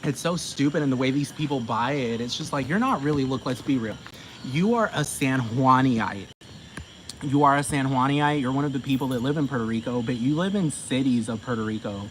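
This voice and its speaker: A commentator talks a little fast in a medium-pitched voice, ranting profanely and with emphasis while repeating himself. The audio is noisy, with vehicles audible in the background.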